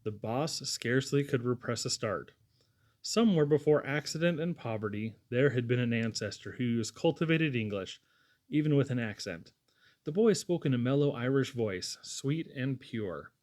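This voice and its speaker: Man, audiobook narrator, measured expressive reading, classic novel, mid-pitched voice. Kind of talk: scripted narration.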